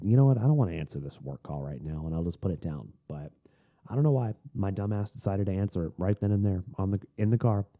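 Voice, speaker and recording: A young man from Florida rants casually on his podcast, swinging from loud, high bursts down to low mutters. His voice is low-pitched and mellow, and his stories wander through restarts and side comments. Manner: animated storytelling with frequent restarts and asides. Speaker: podcast host. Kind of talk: casual ranting monologue.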